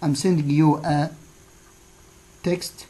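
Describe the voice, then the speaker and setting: A woman teaching an English lesson, reading out exercise answers one by one with pauses. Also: low voice, steady tone, mellow, rough recording. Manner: slow, deliberate, pausing after each answer.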